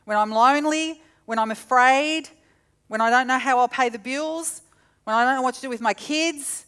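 A middle-aged woman preaching a sermon, telling stories with animated, acted-out quotes. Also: high voice, normal speed, clean tone. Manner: animated storytelling, acts out quotes.

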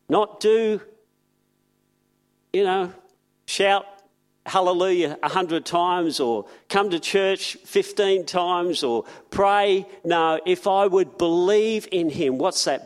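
A man preaching a sermon in an earnest way, often repeating words and slowing down on key phrases. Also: on the high side.

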